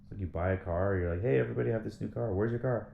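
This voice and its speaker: A man's voice: lowish voice, rapid-fire, creaky, reverberant, narrow, tinny audio, a little hiss or hum. A man talking in a casual monologue, rambling and swearing as he rants in frustration. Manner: rambling, profane, frustrated ranting. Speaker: vlogger.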